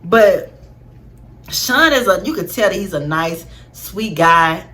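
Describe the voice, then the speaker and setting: Animated, slangy woman with a bright voice. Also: on the low side, slow. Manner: animated, slangy, laughs often. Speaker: vlog host. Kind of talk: casual reality-show recap.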